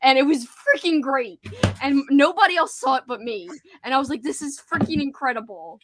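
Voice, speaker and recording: A young woman from Louisiana with a light Cajun accent, hosting a casual livestream chat, excitable and giggly with many filler words. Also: sits high, brisk, noisy background. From Louisiana, United States. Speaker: livestream host.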